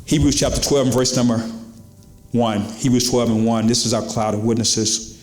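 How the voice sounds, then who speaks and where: A man preaching a sermon as pastor, animated, swinging from low emphatic lines to high exclamations. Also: normal speed, reverberant, faint music behind.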